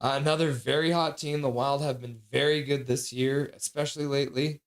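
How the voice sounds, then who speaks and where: A man's voice: mid-range voice, steady tone, brisk. A man hosting a hockey livestream, reading viewers' chat messages aloud and chatting back casually.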